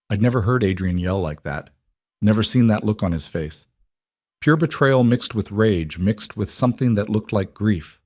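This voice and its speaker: A man narrating a dramatic family story in a measured, even way. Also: lowish voice, dry recording, clean studio sound.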